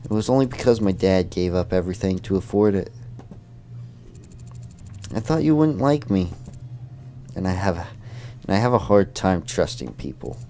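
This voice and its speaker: A timid, anxious schoolgirl heroine, voiced by a man reading a dating game aloud. The voice is deep and the delivery hesitant, with lively pitch swings. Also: normal speed, long pauses, soft background music. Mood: earnest. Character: shy anxious young female student. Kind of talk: reading visual novel dialogue.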